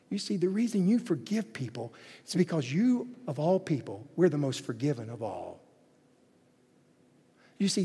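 A male pastor delivers a sermon with a slightly husky voice, dropping to near-hushed tones and then rising to loud enthusiasm. His words ring out with a long reverb, as if he is in a large church sanctuary. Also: on the high side. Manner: dynamic, swinging from hushed to loud and excited. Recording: echoey hall reverb.

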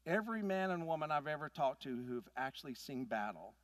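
A man in his sixties preaches with a lively, swooping voice that climbs high. He tells folksy stories and swings from booming to hushed, and the sound is dry and close. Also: fairly quick, dry recording. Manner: animated, folksy storytelling with big swings in loudness. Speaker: pastor. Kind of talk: sermon.

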